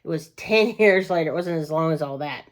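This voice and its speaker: A woman chats to her camera in a loose, digressive way, circling back and correcting herself as she goes. Her voice sits on the lower side for a woman, and she drops in small laughs and plenty of fillers. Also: a little fast. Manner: rambling and digressive, many fillers and self-corrections; chatty, with frequent small laughs. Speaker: vlogger. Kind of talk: casual personal storytelling.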